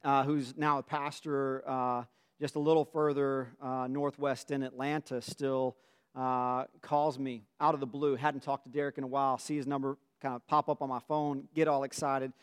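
Man with a smooth, resonant voice. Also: medium pitch, little pitch movement, moderate pace. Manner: earnest, emotional storytelling. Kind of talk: telling a personal story.

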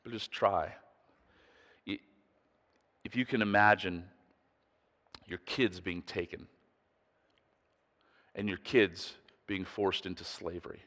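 A man's voice: low-pitched, steady tone, takes it slowly, long pauses, a bit bright, long reverb tail. A man preaching a sermon in an earnest, emphatic way, putting pointed questions to his listeners. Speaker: pastor.

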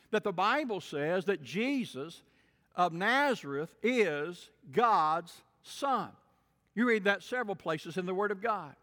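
A man preaching a sermon as pastor, telling stories and swinging between booming and hushed delivery. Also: long reverb tail. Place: church sanctuary.

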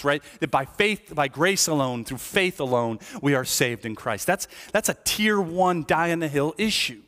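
A middle-aged man preaching in a church sanctuary, his voice trailing off into a long hall reverb. He talks to the congregation like a conversation, checking in with them and acting out the voices of people he describes. His pitch sits in an ordinary male middle range. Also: a bit bright. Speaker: lead pastor. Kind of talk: sermon.

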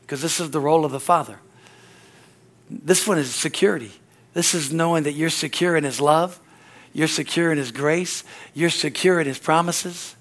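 High-voiced man preaching with fervor. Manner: energetic preaching with frequent "amen" and "hallelujah" call-outs; acts out little dialogues with sudden high-pitched voices. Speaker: pastor. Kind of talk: sermon.

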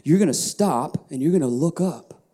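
A male pastor preaching a sermon, swinging from quiet, whispered prayer lines to animated shouts of praise. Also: on the high side, moderate pace, breathy edge.

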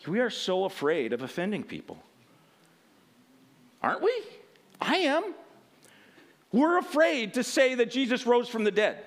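Guy preaching, high voice that jumps all over, laughs and restarts a lot. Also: unhurried, pauses often. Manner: animated, laughing, restarting phrases. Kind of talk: sermon with reading aloud.

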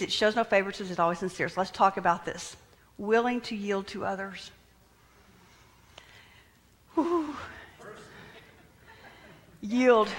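A woman with a bright, fairly high voice preaches a sermon and acts out the prayers she quotes, often sinking to a near whisper. Her voice rings with the long reverb of a large hall.

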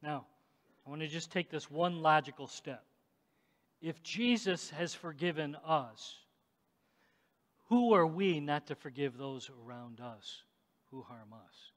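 A male pastor delivers a sermon in a fairly high voice, taking his time. He talks straight to his listeners and rises to shouts at times. A long reverb rings through the large church hall. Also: takes it slowly, pauses often. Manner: emphatic, addresses the congregation directly, rises to shouts.

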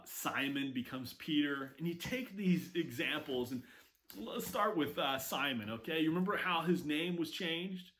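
A man preaching a sermon, telling stories with lively acted-out quotes. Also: mid-range voice. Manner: animated storytelling with acted quotes. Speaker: pastor.

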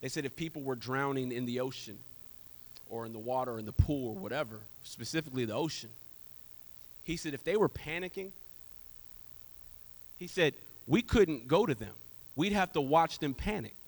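A man preaching a sermon in an animated way, swinging from loud to soft. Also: medium pitch, normal speed, pauses often. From Houston, Texas. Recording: long echo of a large hall.

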